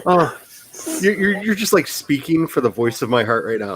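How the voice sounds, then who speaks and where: A man's voice: on the high side, very animated, moderate pace, a bit bright, slight background noise, poor audio. A man hosting a casual writing sprint livestream, rambling and self-deprecating and laughing often.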